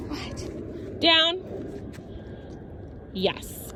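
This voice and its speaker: A woman dog trainer outdoors, explaining her method while walking a dog and calling out sharp commands. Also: very high voice, wildly swooping pitch, extremely slow, long pauses, noisy background. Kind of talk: instructional talk during dog training.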